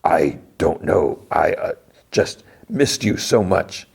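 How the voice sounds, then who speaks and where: A hulking crime boss speaks low, slow and hesitant, tender toward his wife, as a man acts him out. The voice is deep with halting pauses. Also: lively intonation, gravelly, darkish tone, slightly rough, heavily acted.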